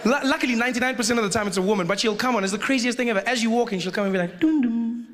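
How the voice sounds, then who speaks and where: A man from South Africa performing stand-up comedy with animated storytelling and shifting voices. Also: high-pitched, racing, slight background noise.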